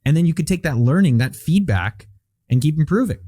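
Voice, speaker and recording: A man, a guest entrepreneur on an interview podcast, telling stories in an animated, emphatic way. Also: a little high, fairly quick, dry recording, studio quality. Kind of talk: conversational interview.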